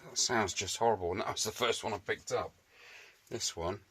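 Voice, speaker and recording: A man chats away to camera from his workshop shed, joking at his own expense as he goes. His voice sits on the low side but comes out bright and forceful, with a faint hiss of background noise in the recording. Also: normal speed. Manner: chatty, jokey, self-mocking asides. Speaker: motorbike restoration vlogger. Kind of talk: casual workshop chat to camera.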